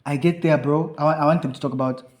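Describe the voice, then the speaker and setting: A man telling a rambling, animated story on a podcast, swearing freely and acting out the lines of the people in it. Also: a little high, quick pace. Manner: animated, swearing, acts out quoted dialogue. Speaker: podcast co-host. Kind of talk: casual storytelling chat.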